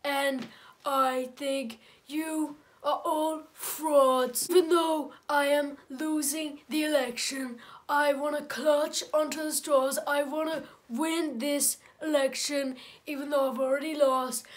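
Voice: sits high, steady tone, slow pace. A performer doing a comedic impression of an angry, boastful older male politician who rants repetitively. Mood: angry ranting.

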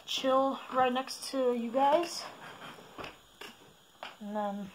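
A high-pitched woman talks slowly and easily through her gameplay, rambling and backtracking as she chats. She sounds like she is in a bedroom, with the voice bouncing around the room and a faint hiss underneath. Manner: chatty, rambling, self-correcting. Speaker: gaming video creator. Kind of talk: casual gameplay commentary. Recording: echoey room with faint noise.

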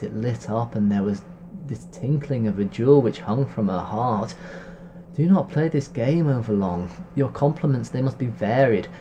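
A man reading a dark fantasy story in a brooding, declamatory way. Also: fairly low pitch, a little hiss or hum. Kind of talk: dramatic fantasy narration.

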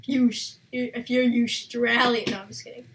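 A woman giving live gameplay commentary as a gaming channel host, excitable and playful, quick to exclaim and tease. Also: a little high, a little hiss or hum.

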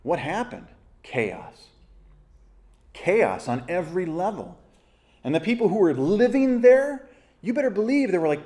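Animated man leading a Bible study. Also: fairly high pitch, a little slow, long pauses. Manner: animated, asks the group questions, acts out voices in stories.

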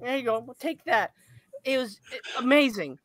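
Excitable, bright-voiced laughing man. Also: very high-pitched, moderate pace, no room sound. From Los Angeles area. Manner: excited, laughing, swearing storyteller. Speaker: podcast co-host. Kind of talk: casual chat.

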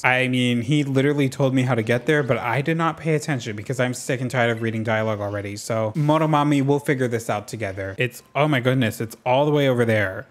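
A man talks through a video game in a running commentary, easily thrilled and quick to gasp. His delivery is campy and sassy, with playful asides. His speaking voice sits at a middle pitch between sudden excited leaps. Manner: excitable and gushing, with gasps and sudden pitch jumps. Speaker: gaming video creator. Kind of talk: gameplay commentary.

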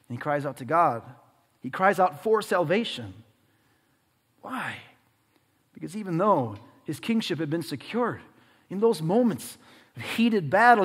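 A fairly high-voiced man preaches a sermon as pastor, rising to loud emphasis and then dropping to near-hushed asides. His voice rings with the long reverb of a church hall. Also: big pitch swings, unhurried, pauses often, breathy edge. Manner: dramatic swings between loud and hushed delivery.

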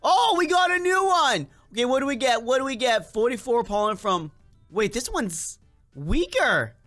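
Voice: mid-range voice, big pitch swings, moderate pace, fairly bright tone, soft background music. A gaming video creator with a slight accent and a lingering cold, giving playful, chatty gameplay commentary straight to viewers.

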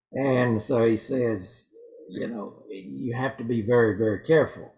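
A man's voice: medium pitch, slow, pauses often, a little mellow, low-quality recording. A male pastor giving an evening sermon in a church, folksy and fond of telling jokes. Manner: folksy joke-telling preacher. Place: church sanctuary.

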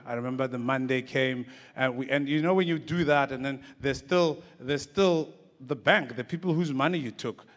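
On stage in an echoey hall, a guest speaker from South Africa laughs his way through loose stories, often stumbling and starting over. His voice is fairly high-pitched and a bit bright.

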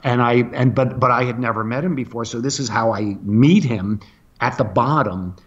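A man's voice: medium pitch, normal speed, husky, lo-fi sound. Rambling older man telling stories. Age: 60s. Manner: rambling, anecdotal, acts out others' lines. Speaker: comedian guest. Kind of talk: casual storytelling.

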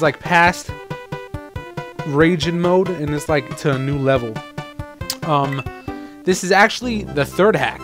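Man, let's play commentary, rambling and casual, swears, slightly high voice, faint game music behind. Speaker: gaming channel host.

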